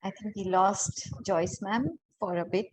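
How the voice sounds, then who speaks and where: A woman's voice: mid-range voice, unhurried, low-quality recording. A woman moderating a panel over a video call, encouraging and rambling with fillers.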